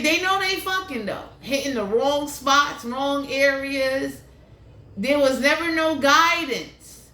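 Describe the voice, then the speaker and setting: Profane, animated woman tarot reader. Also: high-pitched. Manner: blunt, profane, animated ranting. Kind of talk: casual tarot reading monologue. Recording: echoey room, faint hiss.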